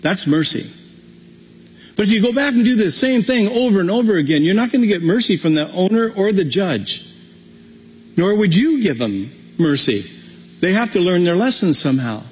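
A man's voice: high-pitched, expressive, moderate pace, breathy edge. A man preaching a conversational sermon as pastor, with frequent restarts. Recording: long hall reverb.

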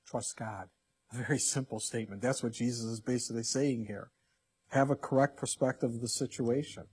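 Husky-voiced male preacher, emphatic. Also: medium pitch. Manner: emphatic, swings between loud and hushed. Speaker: pastor. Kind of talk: sermon.

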